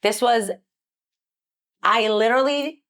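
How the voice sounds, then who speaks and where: A woman guest on a podcast, telling a story in a casual, lively way and acting out what people said. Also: fairly high pitch, slow. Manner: lively, acts out quoted dialogue.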